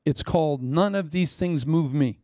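A man preaching a sermon, blunt and teasing, swinging between sudden loud bursts and hushed, near-whispered asides. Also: on the high side, moderate pace, no echo, clean studio sound. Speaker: pastor.

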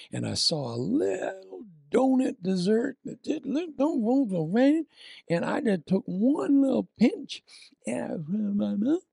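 A man preaching a sermon, telling a funny travel story with animated shouted lines before turning to quiet prayer. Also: high voice, vocal fry, husky, no room sound.

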